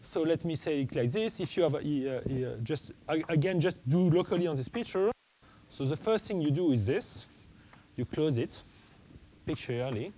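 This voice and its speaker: Halting male math lecturer, mellow voice. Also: on the high side, expressive, low-quality recording. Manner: halting, many restarts and fillers, thinking aloud.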